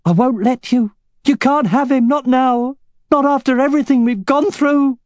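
Guy putting on a desperate young wife, shrill and pleading, storybook voice way up high. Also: moderate pace, darkish tone, dry recording. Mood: frantic.

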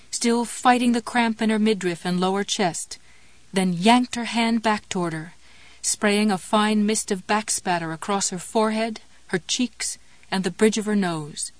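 A woman reading a grim novel aloud in a measured, steady storytelling manner. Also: medium pitch, dry recording. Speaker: audiobook narrator. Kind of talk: scripted narration of a horror novel.

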